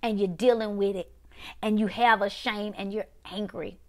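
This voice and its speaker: A woman preaching a prophetic sermon with a repetitive, rhythmic cadence. She swings between loud bursts and hushed lines. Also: medium pitch, steady tone, moderate pace.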